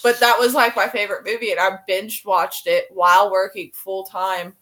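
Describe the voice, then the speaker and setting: A female co-host chats in a teasing way. Her voice is bright and forceful. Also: medium pitch, steady tone, moderate pace. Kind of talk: casual stream chat.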